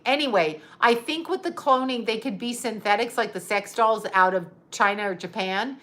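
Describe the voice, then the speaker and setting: On her livestream, a psychic medium answers viewers in a chatty, rambling way, laughing often and reading their comments out loud. She talks at normal speed in a medium-pitched, animated voice that sounds pushed and bright.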